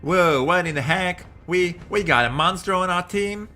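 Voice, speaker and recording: A man's voice: high voice, normal speed, pushed and bright, faint music behind, pitched above the performer's own voice. A man voicing a plucky young male soldier with a put-on Southern US accent, reading game dialogue aloud in a folksy drawl with homespun sayings. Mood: startled.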